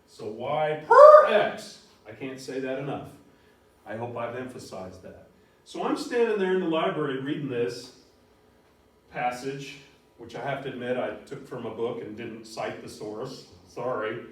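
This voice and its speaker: Middle-aged male algebra instructor, animated lecturer, recorded far from the mic in a very echoey room. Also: mid-range voice, normal speed. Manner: animated, bursts into shouts on key words. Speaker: college math instructor.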